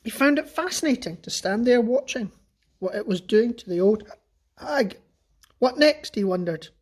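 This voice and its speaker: Expressive man reading a children's story. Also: very high-pitched, moderate pace. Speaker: teacher. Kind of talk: reading a children's book aloud.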